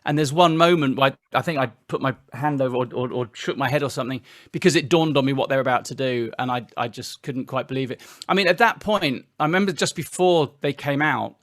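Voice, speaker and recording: A middle-aged man from Britain, telling stories as an interview guest with lively restarts. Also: medium pitch, quick pace, hardly any pauses, no room sound, clean studio sound. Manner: animated storytelling with frequent restarts. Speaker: interview guest, singer-songwriter. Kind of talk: casual interview chat.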